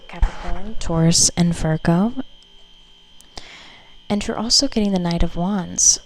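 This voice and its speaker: A woman's voice: on the low side, a little slow, long pauses, background noise. A woman doing a casual tarot reading for her viewers, chatty and loose, full of fillers and the odd swear word. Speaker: tarot reader.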